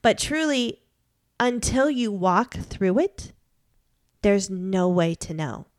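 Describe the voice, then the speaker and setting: A woman's voice: mid-range voice, animated, takes it slowly, no echo, studio quality. A woman in her forties, a widowed mother, giving a candid, earnest faith talk with rueful laughs. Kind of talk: personal testimony talk.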